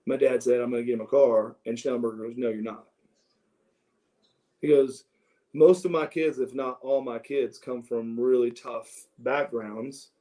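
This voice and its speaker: A middle-aged man telling stories from his youth in a casual interview, animated and prone to restarts as he acts out what others said. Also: medium pitch, moderate pace, poor audio. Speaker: interview guest. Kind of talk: casual storytelling.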